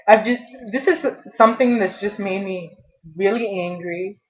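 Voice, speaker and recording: A young adult woman venting in a personal vlog, frustrated and halting, often restarting her sentences. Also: mid-range voice. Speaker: vlogger. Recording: dull lo-fi webcam audio.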